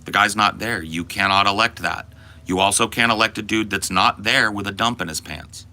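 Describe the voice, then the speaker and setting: A man's voice: on the low side, moderate pace, pushed and bright. A man and podcast host in a profane, exaggerated comedic rant that swings into mock panic.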